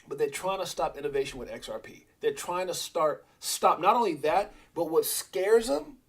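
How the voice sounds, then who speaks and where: Fired-up high-voiced male stream host. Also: animated, moderate pace. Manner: fiery, repeats himself, stammers when worked up. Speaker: livestream host. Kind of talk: heated casual commentary.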